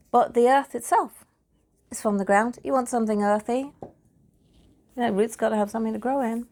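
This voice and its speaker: A British perfumer with a mid-range voice chats casually about perfume materials. She's talkative, laughs a lot, and repeats her words when excitement takes over.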